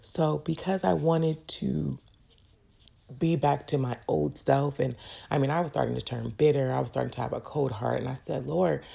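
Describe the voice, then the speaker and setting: A woman's voice: a bass voice, steady tone, moderate pace, creaky, warm tone, slightly rough. A woman giving an earnest, emotional faith testimony straight to her viewers. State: tearful at times. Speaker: vlogger sharing a testimony.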